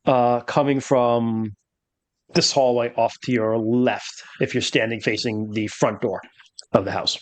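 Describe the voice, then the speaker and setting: A man narrating a tabletop game as game master, relaxed and filled with hesitations. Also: mid-range voice, unhurried.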